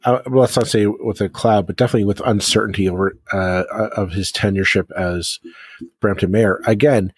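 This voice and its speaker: A man's voice: fairly low pitch, fairly even intonation, a little fast, husky, no room sound. A man co-hosting a podcast, chatting casually about local politics with many restarts and fillers. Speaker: podcast co-host.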